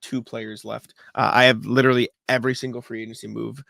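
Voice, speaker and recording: A man's voice: medium pitch, flat delivery, fast, vocal fry, a bit bright, no echo. A man co-hosting a podcast in casual chat, rambling and laughing at his own mishaps. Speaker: podcast co-host.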